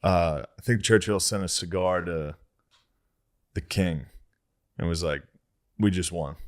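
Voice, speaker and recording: A man's voice: deep voice, measured pace. A man co-hosting a comedy podcast, chiming in with laid-back, casual banter.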